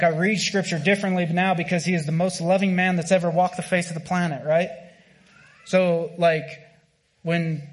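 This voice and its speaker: American man, slightly high voice, chatty sermon delivery with lots of restarts. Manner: casual, conversational preaching with frequent fillers and restarts. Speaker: preacher.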